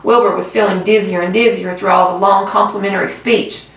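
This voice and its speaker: A woman who hosts a reading channel, reading a children's book aloud with gentle storytelling. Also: mid-range voice, fairly even intonation, fairly quick. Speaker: reader. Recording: roomy, far from mic.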